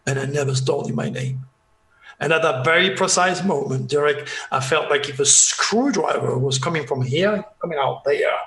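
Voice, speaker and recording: A man recounting a strange personal story with dramatic flair, voicing the people in it. His voice is bright and slightly high, and it rings out in an echoey room. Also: moderate pace. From France. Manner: dramatic, acts out dialogue, restarts often. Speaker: podcast guest. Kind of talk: animated storytelling.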